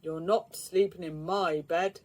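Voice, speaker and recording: A big, grumpy bear demands answers in a gruff, booming voice, as a woman acts him out. It is a storybook figure, read at an unhurried pace. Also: expressive. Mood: gruff demanding.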